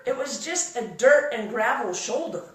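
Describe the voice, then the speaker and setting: A woman speaking at a workshop tells her story with lively, exclamatory energy in a somewhat high voice. She sounds set back from the microphone, and her words ring around an echoey room. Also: moderate pace, far from the mic. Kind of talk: storytelling talk to a live audience.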